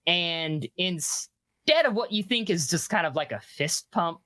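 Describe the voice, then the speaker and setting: Low-voiced woman running a tabletop game. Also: expressive, fairly bright tone. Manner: loose, filler-heavy narration with quick voiced asides. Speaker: game master.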